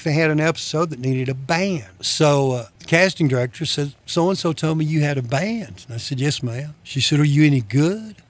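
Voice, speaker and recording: A man telling folksy, self-deprecating stories in casual conversation, chuckling between lines. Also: fairly high pitch. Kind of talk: casual anecdotal storytelling.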